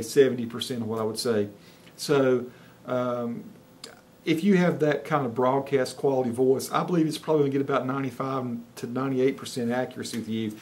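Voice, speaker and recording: A man with a Southern Appalachian accent dictating to software and reviewing it in a plain, folksy way, thinking out loud. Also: mid-range voice. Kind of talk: casual dictation test and review.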